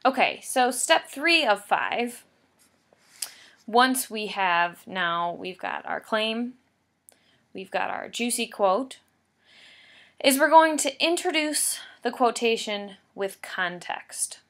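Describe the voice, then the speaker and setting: Patient woman teacher with gravelly fry. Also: fairly high pitch, expressive, slow, a bit bright. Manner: patient, explanatory, emphatic repetition. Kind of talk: recorded writing lesson.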